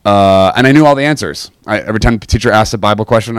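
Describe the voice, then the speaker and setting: Young man, animated self-mocking storyteller, mid pitch, dry close mic. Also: fast, few pauses, dry recording. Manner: animated, self-mocking, asks the audience "right?" often. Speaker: speaker telling his faith story. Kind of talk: casual personal storytelling.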